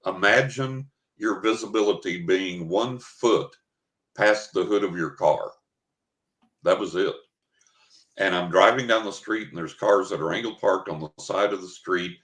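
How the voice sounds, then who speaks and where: Brief: older man from West Texas, very low voice, dramatic interview storyteller, echoey room. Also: measured pace, a bit bright. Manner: vivid, dramatic storyteller who acts out his own thoughts. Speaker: guest. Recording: roomy, echoey recording.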